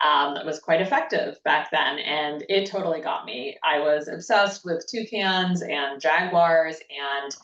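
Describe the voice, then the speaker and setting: A woman, a guest on a panel, answering in a friendly, reflective way with many pauses and ums. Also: deep voice, a bit bright. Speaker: panel guest, sustainability advocate. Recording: dull, echoey sound from far off.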